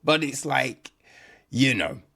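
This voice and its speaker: Guy rambling through a movie review on his podcast, slow talker, voice jumps up and down a lot, keeps saying right? and swears. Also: mid-range voice, very animated, vocal fry, bright, forceful tone, husky. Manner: rambling, conversational, peppered with "right?" and "you know"; blunt, swears for emphasis. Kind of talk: casual podcast chat.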